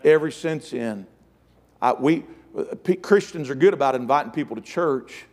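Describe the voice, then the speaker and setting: A man's voice: mid-range voice, expressive, normal speed, darkish tone. A middle-aged man preaching a sermon, telling a story and calling out "amen" and "listen" to the congregation. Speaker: pastor.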